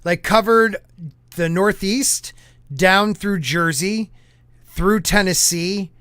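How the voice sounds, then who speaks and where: A man's voice: sits high, takes it slowly, sharp tone, smooth, no echo, clean studio sound. A man hosting a podcast, talking casually in a rambling way, full of fillers and restarts. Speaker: podcast host.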